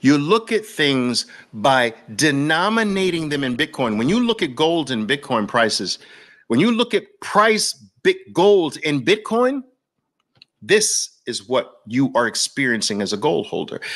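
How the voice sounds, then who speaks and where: A man's voice: medium pitch, very animated, unhurried, a bit bright. A man giving a persuasive masterclass talk as a trading educator, emphatic, with repeated punchy lines and rhetorical questions. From Brooklyn, New York.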